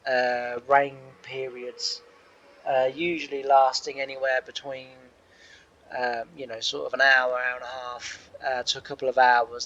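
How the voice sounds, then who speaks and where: A man's voice: medium pitch, fairly bright tone, dull audio. A man hosting a farming simulator let's play, talking casually in character as a farm manager, rambling with many fillers and restarts.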